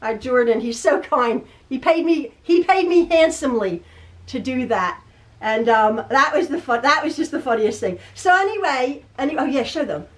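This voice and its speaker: A woman's voice: high voice, animated, moderate pace. A middle-aged woman hosting a quilting video, telling a rambling story to camera, laughing often as she talks.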